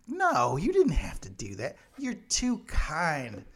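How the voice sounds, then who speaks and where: A man's voice: fairly high pitch, huge pitch swings, slow, a bit bright, slightly rough, full character voice. A man voicing fussy, overly polite British officials personified as a nation, stammering and flustered. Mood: politely flustered.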